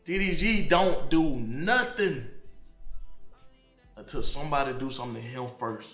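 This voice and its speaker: A man's voice: on the high side, measured pace, fairly bright tone. Slangy man in an echoey room, music behind. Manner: hesitant, slangy, insistent.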